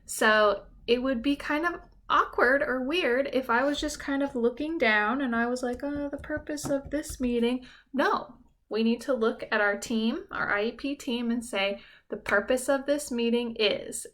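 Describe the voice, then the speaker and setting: A woman's voice: fairly high pitch, moderate pace, hardly any pauses, a bit bright. A young adult woman teacher giving a recorded lesson, explaining things simply and patiently and often checking in with "okay?".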